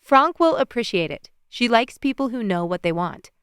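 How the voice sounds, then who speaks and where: A woman voicing a young woman musician friend who speaks calmly but firmly, in an audiobook. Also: fairly high pitch, normal speed, clear, resonant tone, no echo, clean studio sound. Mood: teasing. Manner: calm but firm, encouraging. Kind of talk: audiobook character voice.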